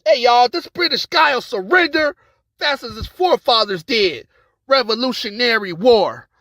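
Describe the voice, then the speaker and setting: A man's voice: very high-pitched, lively intonation, moderate pace, sharp tone, dry recording. Aggressive man spitting battle bars. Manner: aggressive, taunting delivery. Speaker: battle rapper. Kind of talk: battle rap verse.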